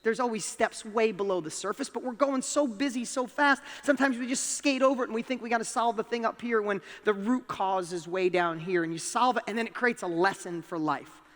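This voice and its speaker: A man's voice: high voice, fairly quick, hardly any pauses, a bit bright. A man giving a motivational talk to a live audience from a stage, telling stories with animation and putting questions straight to the crowd. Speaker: motivational speaker. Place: stage in a large hall. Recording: long hall reverb.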